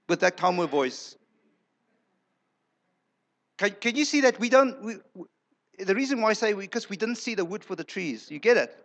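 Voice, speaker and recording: Emphatic high-voiced male pastor preaching. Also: very animated, moderate pace, pauses often, a bit bright, highs cut off. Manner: emphatic, repeats words and acts out quotes. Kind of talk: sermon. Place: church.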